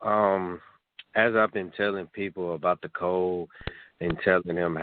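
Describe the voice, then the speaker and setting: Polite deep-voiced caller on a phone line. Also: male voice, steady tone. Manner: polite and respectful, slightly halting. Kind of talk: call-in question. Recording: tinny phone-line audio.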